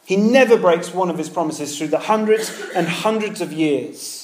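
A man delivers a sermon in a lively, conversational manner, weaving in everyday comparisons. His voice sits fairly high for a man. The sound carries a noticeable room echo. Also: normal speed, a little hiss or hum. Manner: lively, conversational with pop-culture asides. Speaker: preacher. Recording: echoey room.

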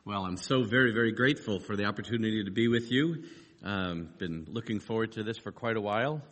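A middle-aged man from New York with a light American accent, giving a conference talk with dry, self-deprecating humor and halting restarts. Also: fairly low pitch, a bit bright. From New York, USA. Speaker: guest speaker on evangelism. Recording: long hall reverb.

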